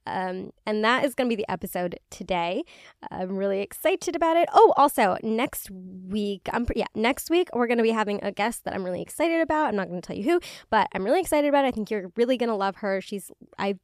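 Woman, podcast host, casual solo chat, chatty, swears freely, mid-pitched voice, dry studio sound. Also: animated, brisk, no room sound.

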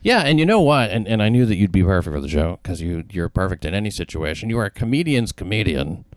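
A man's voice: low-pitched, big pitch swings, quick pace, dry recording, clean studio sound. A man hosting a casual comedy podcast, joking bluntly and swearing freely. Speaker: podcast host.

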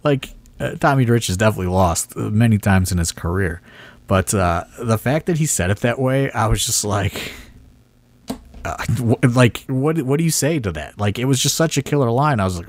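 A man's voice: mid-range voice, animated, moderate pace, no echo. A man hosting a podcast and rambling through a story, full of "like" and "you know". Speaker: wrestling promoter and podcast host. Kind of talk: casual storytelling chat.

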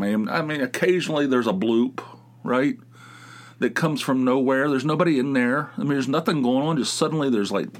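A middle-aged man hosting his podcast alone from a home studio, telling a rambling, self-mocking story in a sarcastic, casual way. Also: mid-range voice. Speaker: podcast host. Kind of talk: casual monologue.

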